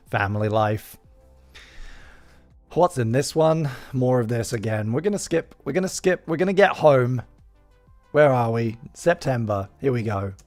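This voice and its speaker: A man's voice: medium pitch, darkish tone. A man in his thirties hosting a live stream, chatting casually with joking, self-deprecating asides. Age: 30s.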